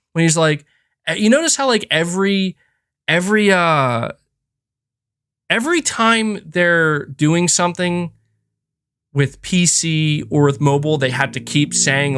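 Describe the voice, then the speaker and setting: A man's voice: on the high side, lively intonation, unhurried, pauses often, a bit bright, smooth. A man hosting a podcast, talking in a casual, frustrated rant with lots of fillers and restarts. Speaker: podcast host. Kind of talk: casual opinionated chat.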